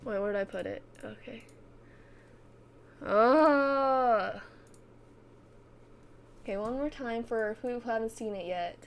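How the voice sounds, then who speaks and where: A woman's voice: on the high side, slow pace, long pauses, slight background noise. A woman streamer chatting casually on a live stream, giggly and self-mocking.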